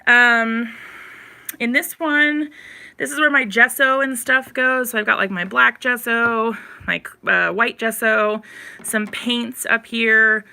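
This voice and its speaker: A woman's voice: on the high side, steady tone, takes it slowly, vocal fry, pushed and bright, clear, resonant tone. A woman, chatting on a live stream as she tours her home craft room, slightly out of breath and rambling with fillers. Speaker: craft channel host.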